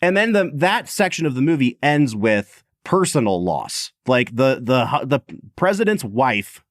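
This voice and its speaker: This podcast co-host speaks a little slowly in a medium-pitched, sing-song voice as he animatedly and casually discusses a film, peppering his speech with "like." The recording is clean studio sound with no room sound.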